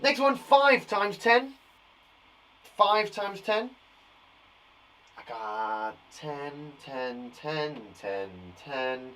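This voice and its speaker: A man's voice: a little high, very animated, extremely slow, long pauses, bright, forceful tone, a little hiss or hum. Upbeat man teaching kids maths. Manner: encouraging, reassuring, thinks aloud while counting. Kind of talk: live maths lesson for young children.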